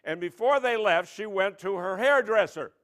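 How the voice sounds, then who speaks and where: A man emceeing a comedy spelling bee, telling jokes and announcing mock quiz words in a deadpan way. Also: sits high, moderate pace. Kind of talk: stand-up comedy routine. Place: stage at a press club event.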